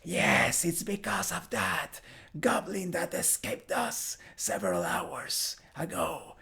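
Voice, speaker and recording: A man voicing an uneasy adventurer in a tabletop game, speaking in a hushed, breathy way. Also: on the high side, big pitch swings, slow, exaggerated voice. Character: uneasy adventurer, quiet and worried.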